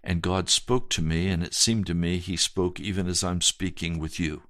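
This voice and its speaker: A man's voice: sits low, steady tone, moderate pace, fairly bright tone, no room sound, studio quality. A male pastor telling his personal testimony in a sermon, earnest and storytelling, with dramatic swells.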